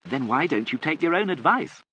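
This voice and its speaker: A man's voice: a little high, sing-song, normal speed, a bit bright, lo-fi sound, slight background noise, voice pushed up. A man playing a snobbish young twin. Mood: glib.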